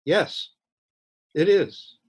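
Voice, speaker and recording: A protective young mother snaps at an intruder, her voice lifted and insistent, as a man reading the story puts her on. The delivery stays slow and deliberate. It has a storybook feel. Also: fairly high pitch, animated, a little mellow, husky, voice pushed up, exaggerated voice. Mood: indignant.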